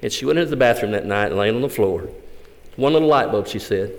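A man, a visiting Gideon speaker giving a fervent testimony sermon in a church. He tells the story with big swings between loud and hushed. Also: fairly low pitch, lively intonation, quick pace. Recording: echoey hall.

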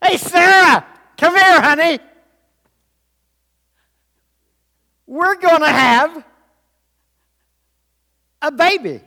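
A man's voice: slow pace, full character voice. Abraham, a preacher playing an overjoyed old man. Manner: high excited shouting. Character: overjoyed elderly man Abraham, expecting a baby. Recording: long reverb of a large auditorium.

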